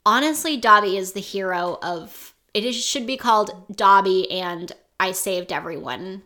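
A woman co-hosting a podcast in casual chat, animated and emphatic, swearing freely. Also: mid-range voice, normal speed. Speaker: podcast co-host.

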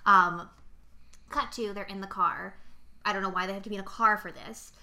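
Bright-voiced woman chatting about a film. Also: medium pitch, moderate pace. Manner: animated retelling with lots of fillers and acted quotes. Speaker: podcast co-host. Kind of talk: casual film chat.

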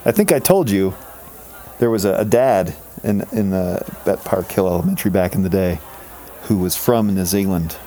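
A man's voice: sits low, moderate pace, warm tone, a little hiss or hum. Rambling, playful male co-host. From Colorado, USA. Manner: rambling, playful, trails off into tangents. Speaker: podcast co-host. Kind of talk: casual comedic banter.

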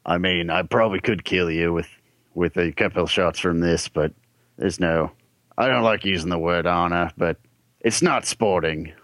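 A man's voice: sits low, normal speed, fairly bright tone, no echo. A man speaking in character as a player in a tabletop game, laid-back and wry.

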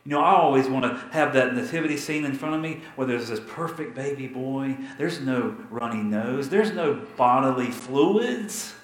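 A man pastor telling a story in a sermon, dramatic and repetitive, with emphatic pauses. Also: mid-range voice, roomy sound, low-quality recording.

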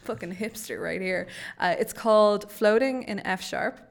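A woman's voice: medium pitch, moderate pace, gravelly. A woman with an Irish accent co-hosting a podcast, giggly and bawdy in casual chat. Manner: giggly, bawdy, self-mocking. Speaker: podcast co-host.

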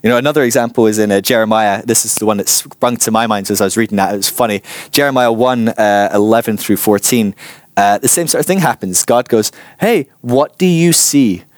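A man's voice: on the low side, fast, no echo, studio quality. Chatty man teaching a class. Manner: chatty, animated, acts out quotes. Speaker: church teacher. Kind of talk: informal teaching talk.

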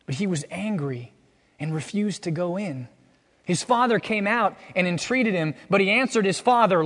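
A man's voice: sits high, expressive, normal speed, a bit bright, long reverb tail. A man preaching a sermon, reading scripture aloud and asking the congregation rhetorical questions. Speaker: pastor. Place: church.

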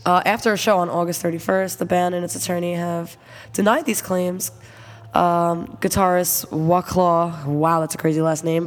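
A woman co-hosting a crude casual chat, reading news aloud haltingly with fillers. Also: fairly low pitch, long reverb tail, a little hiss or hum. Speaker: podcast co-host.

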